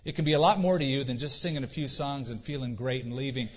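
A male pastor preaching an earnest sermon in a church, asking rhetorical questions and pausing for effect. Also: mid-range voice. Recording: dull recording with long church reverb.

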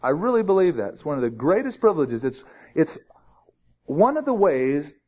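A man's voice: a little high, sing-song, normal speed, slightly rough. A man teaching through a Bible passage in a conversational way, stressing key phrases with rising emphasis. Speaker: pastor. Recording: dull lo-fi sermon recording.

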